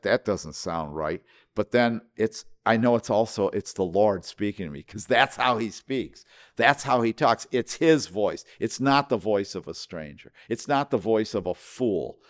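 Emphatic preaching man. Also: fairly low pitch. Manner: emphatic preaching, stretches words for emphasis, sudden drops to quiet; repeats himself in restarts. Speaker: pastor. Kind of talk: sermon.

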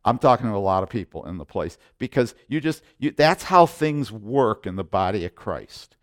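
A man's voice: lowish voice, very animated, moderate pace. Intense, emphatic male preacher. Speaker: pastor. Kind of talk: sermon.

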